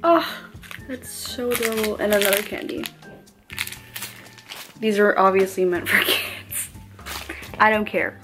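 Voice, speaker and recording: A young woman, a college student, chatting casually as she unboxes blind boxes and gushes excitedly over how cute everything is. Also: mid-range voice, unhurried, long pauses. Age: young adult. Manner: gushing, excitable, squeals over cute things. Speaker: unboxing vlogger. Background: background music.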